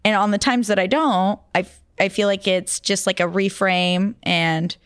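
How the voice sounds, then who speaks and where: A young adult woman, a guest in a casual interview, telling stories in an animated way and laughing often. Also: medium pitch, normal speed, clear, resonant tone, dry recording, clean studio sound.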